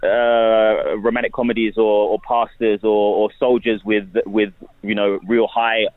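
A man's voice: fairly low pitch, unhurried, no echo. A man with a South London British accent, an actor chatting animatedly as a radio interview guest. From UK, South East London. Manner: animated, playful, restarts often. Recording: tinny phone-like line.

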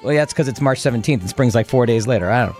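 A man's voice: mid-range voice, lively intonation, racing, darkish tone, faint music behind. A man co-hosting a morning radio show, reading local news items in a loose, jokey way. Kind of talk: casual morning radio chat.

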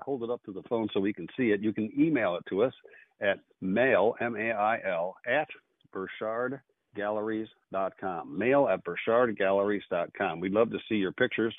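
A man hosting a call-in radio show with fast, upbeat auctioneer patter. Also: fairly low pitch, dry recording. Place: radio studio. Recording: phone-like narrow band.

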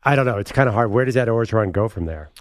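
A man's voice: fairly low pitch, animated, very fast, no echo, clean studio sound. A man co-hosting a sports radio show, giving opinions casually and thinking aloud. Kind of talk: casual sports talk chat.

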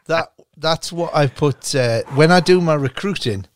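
A man co-hosting a casual comedy podcast, riffing and joking. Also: fairly high pitch. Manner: riffing, quick to put on silly voices. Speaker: podcast co-host.

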